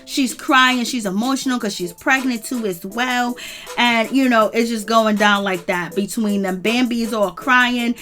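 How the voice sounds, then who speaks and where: A woman's voice: fairly high pitch, unhurried, pushed and bright. A woman hosting a reality TV recap in casual gossip style, opinionated and chatty, with lots of "you know" fillers.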